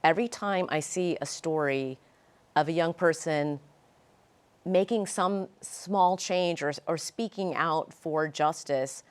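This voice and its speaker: A woman's voice: deep voice, takes it slowly, clear, resonant tone. A middle-aged woman author talking earnestly and animatedly in an interview, telling stories with feeling. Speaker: author guest. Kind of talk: casual interview chat.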